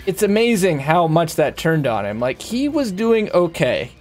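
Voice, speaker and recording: A man's voice: on the high side, very animated, a little slow, soft background music. A young man streaming a game, ranting casually and heatedly with lots of swearing, rambling from thought to thought. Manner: profane, rambling, heated and emphatic. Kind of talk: casual rant while playing a game.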